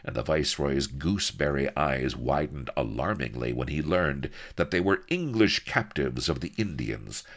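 A man's voice: rumbling low, lively intonation, moderate pace, few pauses. A man narrating a comic adventure story in a wry, theatrical style.

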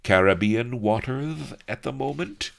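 A man's voice: medium pitch, expressive, unhurried, vocal fry, fairly bright tone, pitched above the performer's own voice. A man voicing a huge, armored, paranoid viceroy villain who blares orders and turns oily and lisping, with a flavor. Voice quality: blaring, then lisping and oily.

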